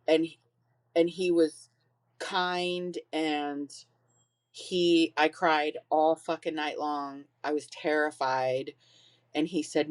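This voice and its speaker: A woman's voice: deep voice, flat delivery, a little slow. A woman in her forties, a podcast guest telling her own story openly, swearing freely and laughing through painful memories. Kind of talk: personal storytelling.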